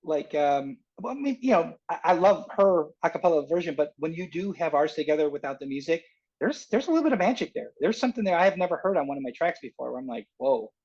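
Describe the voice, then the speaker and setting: A man, a singer-songwriter guest, telling a long story in a casual interview, rambling and animated with many restarts. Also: a little high, quick pace, lo-fi sound.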